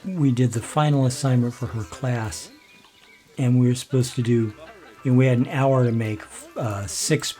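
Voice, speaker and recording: A man's voice: medium pitch, steady tone, moderate pace, warm tone, soft background music. A man casually telling a rambling story while playing a game, chuckling and restarting sentences. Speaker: gameplay commentator.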